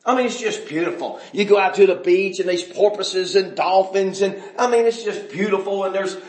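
A preacher with a high-pitched voice delivers a folksy sermon, chuckling between points and building up to shouts. His voice rings around an echoey church sanctuary. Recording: echoey room.

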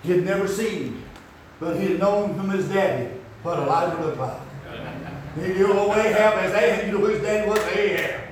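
A man preaching a rambling, folksy sermon that climbs into shouts. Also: high voice, brisk, crowd noise. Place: church. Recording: echoey hall from far off.

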